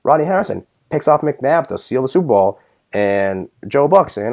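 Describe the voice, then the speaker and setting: A man co-hosting a casual sports podcast, ranting with swearing and loud mock outbursts. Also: medium pitch, sing-song, moderate pace. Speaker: podcast co-host.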